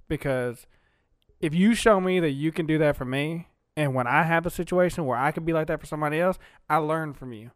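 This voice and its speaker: A male podcast host with a fairly high, smooth, resonant voice talks in a relaxed and encouraging way. His phrasing is loose, and the recording is dry and close. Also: dry recording. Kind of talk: casual podcast chat.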